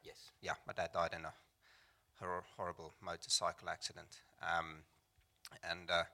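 A man's voice: low voice, level tone, moderate pace, gravelly, pushed and bright. A man giving a personal testimony in church, hesitant with many ums, plain and sincere. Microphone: microphone.

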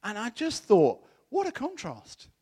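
A middle-aged man preaching a sermon, telling a personal story in an animated way and acting out the voices of people he quotes. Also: very high voice, measured pace, slightly rough.

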